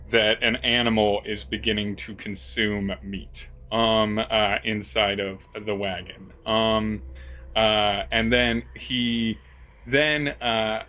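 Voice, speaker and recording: Slow, halting game master narrating. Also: male voice, mid-range voice, bright, forceful tone, a little hiss or hum. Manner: halting, full of fillers and restarts.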